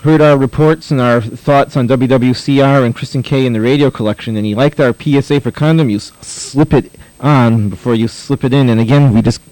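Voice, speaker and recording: A man with a Boston accent co-hosting a pirate radio show, tossing in dry, deadpan wisecracks. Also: medium pitch, fairly quick, few pauses, dry recording, poor audio. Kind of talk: casual on-air banter.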